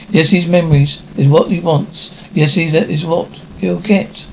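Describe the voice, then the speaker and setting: A man's voice: on the high side, fairly even intonation, normal speed, gravelly, hardly any pauses, darkish tone, highs cut off. Precise, solemn male TV narrator. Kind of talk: dramatic television narration. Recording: faint hiss of an old TV soundtrack.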